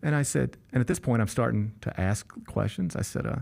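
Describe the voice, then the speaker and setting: Man, talk show host, gravelly, lively swinging pitch, exasperated storyteller. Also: a little fast. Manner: animated, exasperated, acts out the people in his stories. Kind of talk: casual storytelling chat.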